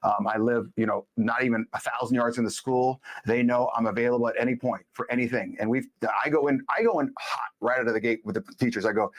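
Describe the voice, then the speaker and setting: A man as a podcast guest, speaking bluntly and emphatically in casual conversation, telling stories with quick asides. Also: medium pitch, steady tone.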